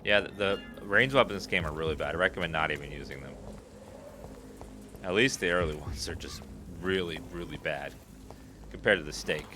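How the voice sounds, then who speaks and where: Low-voiced casual gaming commentator. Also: male voice, fairly quick, over music. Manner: casual, offhand remarks on game mechanics. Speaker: gaming YouTuber. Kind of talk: let's play commentary.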